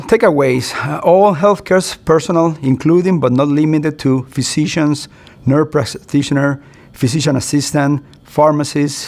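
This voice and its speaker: A man's voice: mid-range voice, a little mellow. A middle-aged man, a physician, giving a recorded continuing-education lecture in an earnest, conversational way. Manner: earnest, conversational, acts out doctor-patient exchanges.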